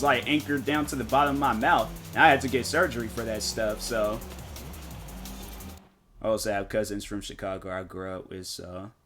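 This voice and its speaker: A man's voice: mid-range voice, sharp tone. A man streaming a game, chatting casually with viewers and rambling as he thinks aloud, often restarting his sentences. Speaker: gaming streamer.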